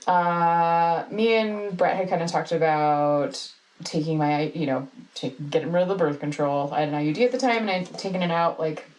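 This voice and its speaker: A woman in her thirties, a podcast co-host chatting casually, relaxed with wry interjections and hesitant fillers. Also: fairly low pitch, moderate pace, a little hiss or hum, rough recording. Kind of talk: casual chat.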